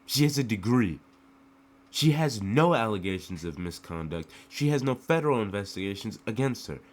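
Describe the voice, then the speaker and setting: A man's voice: fairly low pitch, expressive, normal speed. A man from the United States giving an emotional political rant to the camera, full of rhetorical questions and repeated phrases.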